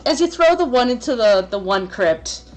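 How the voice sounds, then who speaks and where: A young woman runs a tabletop game as its game master. Her voice is fairly high and swings up and down a lot. She laughs often and hesitates while she works things out. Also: animated, moderate pace, faint music behind.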